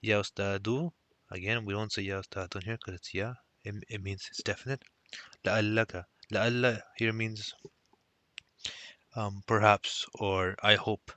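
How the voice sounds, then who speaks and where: A man's voice: lowish voice, flat delivery, a little slow, sharp tone, no room sound. A man teaching a recorded language lesson, explaining step by step and mixing Arabic phrases into his English.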